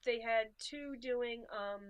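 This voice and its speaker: A woman's voice: fairly high pitch, slow, highs cut off. A young American woman co-hosting a podcast, telling a travel story in casual chat and acting out the dialogue. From USA. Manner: chatty storyteller, acts out dialogue in quoted voices. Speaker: podcast co-host.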